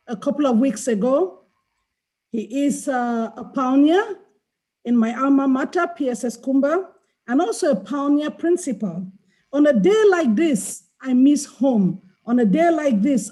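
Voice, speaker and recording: A middle-aged woman from Cameroon, speaking on a video call and reading her poetry in a slow, deliberate way. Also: high voice, lively intonation, mellow. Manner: slow, deliberate recital with chanted dirge passages. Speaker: invited poet.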